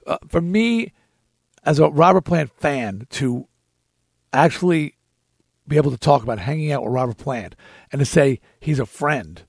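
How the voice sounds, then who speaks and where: A man hosting a podcast, telling a story in an animated, emphatic way. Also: a little high, vocal fry, dry recording, studio quality. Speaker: podcast host. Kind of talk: storytelling chat.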